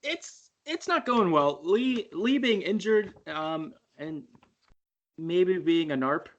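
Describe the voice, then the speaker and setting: Guy recapping a game for his podcast, kinda higher voice, rambly and laughy. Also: lively intonation, takes it slowly, dull audio. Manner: rambling, many fillers and restarts, laughs easily. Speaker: podcast co-host. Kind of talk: casual game recap chat.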